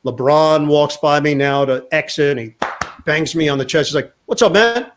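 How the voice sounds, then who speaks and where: Against slight background noise, a man with a fairly high voice, a sportscaster, narrates a long anecdote in an informal interview at a moderate pace. He's a lively storyteller, acting out each quote.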